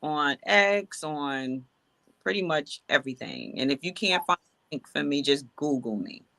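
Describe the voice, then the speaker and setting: A woman's voice: low-pitched, expressive, a little slow, vocal fry, sharp tone. A woman in her forties, a singer guest on a podcast, talking in a friendly, upbeat way. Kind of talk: casual interview chat.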